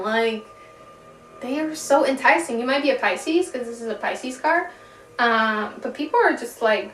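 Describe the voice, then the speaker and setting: Giggling and chatting, a young tarot reader with a fairly high, fairly bright voice lays out a casual reading at normal speed, stretching words for emphasis and swearing a little. She's expressive, and recorded from a distance, sitting back from the mic in an echoey home room with faint background music.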